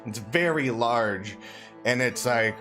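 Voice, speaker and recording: A man from the Midwest, the game master, wrapping up a session in a relaxed, hesitant way. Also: mid-range voice, slow, over music. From Midwest United States. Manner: hesitant, lots of uhs, relaxed. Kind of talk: casual tabletop game narration.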